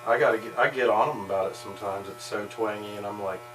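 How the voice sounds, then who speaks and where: A man's voice: on the low side, fairly even intonation, fast talker, reverberant. A man working as a barber, chatting in an easygoing, folksy, rambling way while he cuts hair. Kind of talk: casual chat while cutting hair. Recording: distant mic with electrical hum and clipper buzz.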